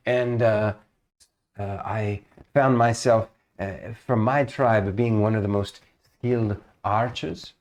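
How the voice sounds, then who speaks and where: A man voicing a sweet, reserved female elven ranger, speaking in a put-on accent with courteous, halting phrasing. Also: medium pitch, darkish tone, voice pushed up. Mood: earnest. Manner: courteous, halting speech with many restarts.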